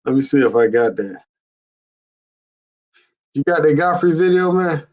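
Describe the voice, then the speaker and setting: A man's voice: on the high side, expressive, a little slow. A man hosting a casual call-in chat, laid-back and slangy, laughing often. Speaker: show host.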